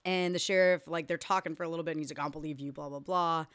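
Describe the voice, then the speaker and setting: Young woman on a podcast, lowish voice, dry close sound, retelling a movie and doing the lines, laughs a lot. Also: steady tone, racing, no room sound. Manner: retells scenes with quoted voices, laughs often, swears. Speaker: podcast co-host. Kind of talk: casual movie recap chat.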